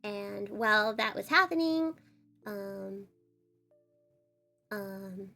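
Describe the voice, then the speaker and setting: A woman's voice: medium pitch, lively intonation, very slow, vocal fry, sharp tone, faint music behind. A woman streamer telling an upsetting personal story in a casual, earnest way. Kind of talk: casual storytelling while drawing.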